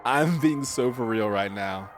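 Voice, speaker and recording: A man's voice: medium pitch, measured pace, faint music behind. A man casually commenting while streaming a video game, joking and laughing often. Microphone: desk mic with webcam.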